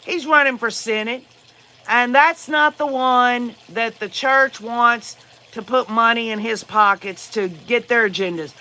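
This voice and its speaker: A man's voice: very high voice, unhurried, sharp tone. A man with a Southern US accent hosting a casual livestream, answering viewer comments in a rambling, opinionated way. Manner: rambling and opinionated, with frequent fillers. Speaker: livestream host.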